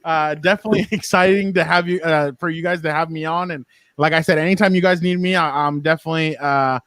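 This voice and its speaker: A man's voice: fairly high pitch, fairly even intonation, quick pace, fairly bright tone, no room sound. A man guesting on a sports podcast as a beat writer, talking in an enthusiastic, chatty way with lots of fillers and restarts. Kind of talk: casual chat.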